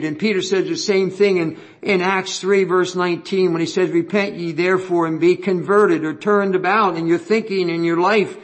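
A man preaching an expository sermon, reading scripture aloud slowly and pressing his points with earnest repetition. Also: sits high.

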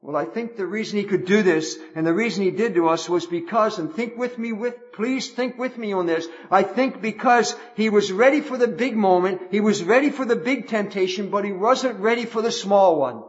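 A man's voice: sits high, normal speed, hardly any pauses, muffled recording. A man preaching a sermon, emphatic and repetitive, often restarting his phrases.

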